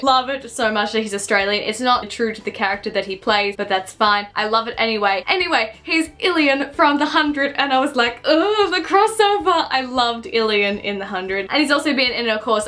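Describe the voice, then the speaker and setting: Brief: excitable woman reviewer, slightly higher voice, chatty vlog recap. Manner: gushing, excitable, acts out quotes. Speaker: book and TV reviewer.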